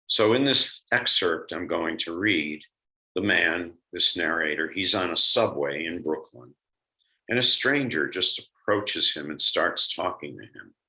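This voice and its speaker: A man giving a thoughtful, conversational holiday sermon over a video call, pausing often to gather his words. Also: a bass voice, sharp tone, poor audio. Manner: thoughtful, conversational, with pauses and fillers. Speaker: lay speaker giving a d'var Torah.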